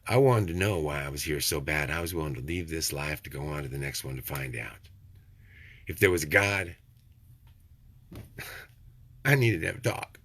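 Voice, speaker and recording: Older husky-voiced man, folksy and preachy. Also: animated, normal speed, long pauses, no echo. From Texas. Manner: preachy, folksy, swings from low and quiet to loud. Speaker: vlogger. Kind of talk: rambling motivational monologue.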